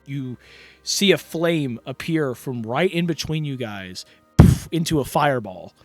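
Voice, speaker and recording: A man's voice: medium pitch, expressive, a little slow, a little mellow, faint music behind. A man narrating as dungeon master in a rambling way, full of fillers. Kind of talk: narrating a tabletop game.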